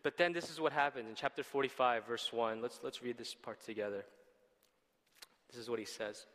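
A man's voice: mid-range voice, steady tone, brisk, a bit bright. Guy preaching chill, retelling a bible story, lots of hall echo. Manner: conversational, asks rhetorical questions, laughs at the story. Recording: long hall reverb.

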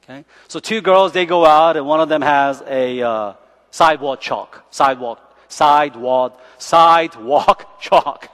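A man's voice: a little high, normal speed, clear, resonant tone. A man in his forties, a pastor, preaching a sermon as chatty stories, often laughing and asking "right?". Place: church. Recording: echoey church hall.

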